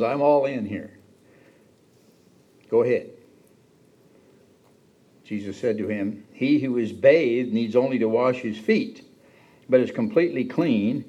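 A man's voice: medium pitch, dark tone, husky, muffled recording. A man preaching a sermon in a conversational way, acting out the quoted lines with a raised voice. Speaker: pastor.

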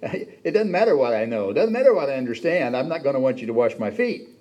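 Mellow-voiced, husky male preacher. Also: sing-song, fast, highs cut off. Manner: conversational, acts out quoted lines with raised pitch. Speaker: pastor. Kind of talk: sermon.

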